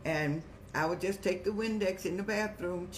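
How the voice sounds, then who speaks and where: An older woman hosting an advice show in a folksy, preacherly way, speaking to viewers like family and telling lively stories. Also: on the low side, normal speed, slight background noise. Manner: folksy, preacherly, calls listeners "child"; lively storytelling with animated rises. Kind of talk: warm advice talk to viewers.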